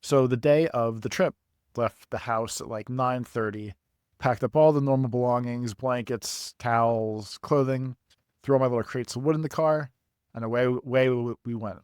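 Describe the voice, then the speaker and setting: A young man telling a rambling story on a podcast, animated and quick to swear, often laughing at his own misfortune. His voice sits in a middle register and sounds close and dry, with almost no room around it. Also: mid-range voice, clear, resonant tone, dry recording. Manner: animated, profane, laughs at himself. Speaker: podcast co-host. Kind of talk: casual storytelling.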